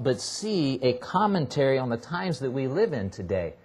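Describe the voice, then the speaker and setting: A man's voice: medium pitch, very animated, moderate pace, hardly any pauses, a little mellow, slightly rough. A man preaching as a pastor, teaching through a Bible passage and hammering key words by repeating them. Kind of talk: expository sermon.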